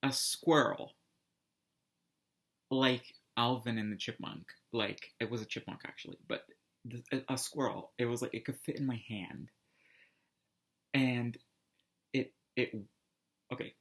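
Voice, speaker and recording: Male storyteller, casual and rambling, animated delivery, average pitch. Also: measured pace, pauses often. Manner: rambling, animated, heavy use of "like" and restarts. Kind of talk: casual anecdote telling.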